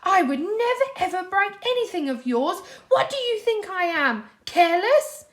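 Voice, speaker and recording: A woman voicing a dim, clumsy male cartoon starfish in a storybook reading, loud and drawn-out. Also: mid-range voice, lightly acted. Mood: upset.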